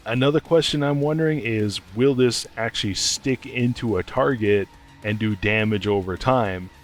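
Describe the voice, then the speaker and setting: A man's voice: lowish voice, moderate pace, faint music behind. A man giving casual gaming news commentary, chatty and speculative, thinking aloud as he goes. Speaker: gaming video host.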